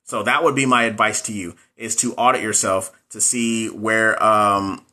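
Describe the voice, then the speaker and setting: A man's voice: lowish voice, fairly even intonation, measured pace, pushed and bright. A man coaching nursing exam takers in a casual livestream, candid and rambling with many restarts. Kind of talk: casual livestream chat answering viewers.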